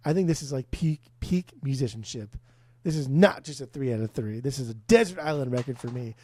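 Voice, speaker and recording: Loud, profane man with a mellow voice. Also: mid-range voice, expressive, a little fast, husky, no echo, clean studio sound. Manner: loud, profane, enthusiastic, rambling. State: tipsy from beers. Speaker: podcast co-host. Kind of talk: casual music podcast chat.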